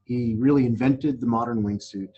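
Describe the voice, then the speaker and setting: A man hosting a casual chat, reflective and calm, often affirming his guest. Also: medium pitch, moderate pace, slightly rough, dull audio. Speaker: host.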